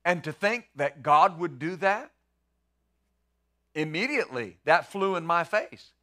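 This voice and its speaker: A man's voice: fairly high pitch, animated, unhurried, bright, forceful tone. A middle-aged man pastor preaching a sermon in a conversational way, full of rhetorical questions and repeated words.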